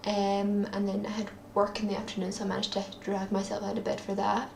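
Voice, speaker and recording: A woman's voice: mid-range voice, completely flat delivery, a little fast, creaky, a little mellow, reverberant, a little hiss or hum. A young woman with a Scottish accent, chatting in a rambling, self-deprecating way for her daily video diary, with lots of ums. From Scotland. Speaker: vlogger. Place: at her parents' home, indoors.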